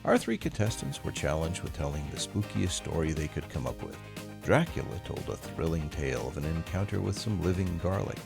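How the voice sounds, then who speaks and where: A man's voice: extremely low pitch, big pitch swings, brisk, creaky, music in the background. A young man hosting a comedy game show in a showy announcer style. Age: young adult. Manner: showy, swooping announcer delivery.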